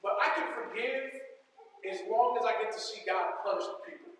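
A man's voice: very high-pitched, moderate pace, a bit bright, slight background noise. A male pastor preaching in a conversational, emphatic way, reading scripture and talking to his church. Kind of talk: sermon. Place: church sanctuary. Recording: echoey hall, distant mic.

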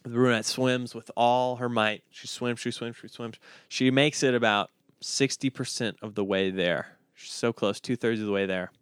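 A man hosting a podcast, telling jokes in an animated, chuckling way and often repeating himself. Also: medium pitch, normal speed, few pauses, clean tone, no echo, studio quality. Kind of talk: casual joke-telling chat.

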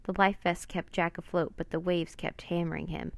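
A woman reading a children's adventure book aloud with expressive, dramatic narration. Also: lowish voice, normal speed, creaky, no room sound. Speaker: storyteller.

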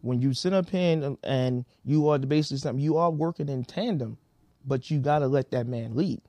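A man co-hosting a podcast in casual chat, animated and prone to repeating himself. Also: mid-range voice, a little fast, dry recording. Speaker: podcast co-host.

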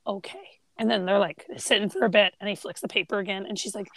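A woman in casual film-discussion chat, relaxed and retelling scenes with quoted lines. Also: mid-range voice, fairly quick, gravelly, husky, dry recording.

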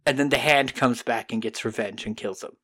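A podcast host casually recapping an episode, animated and profane, dropping into quick character voices. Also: medium pitch.

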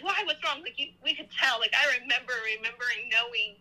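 A woman's voice: on the high side, quick pace, hardly any pauses, sharp tone, poor audio. A woman in her thirties, a podcast guest, telling a personal story in a casual, rambling way with many restarts.

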